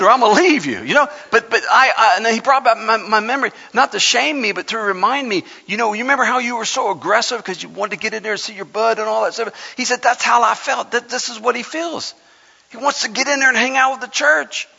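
A man's voice: extremely high pitch, a little fast, vocal fry, bright, forceful tone. A man preaching a sermon in church into a microphone, fervent and folksy, building up to hollering. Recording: reverberant hall, dull lo-fi sound.

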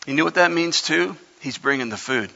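A man's voice: a little high, expressive, brisk, vocal fry, sharp tone. A man preaching a sermon in church into a microphone, fervent and folksy, building up to hollering. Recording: reverberant hall, dull lo-fi sound.

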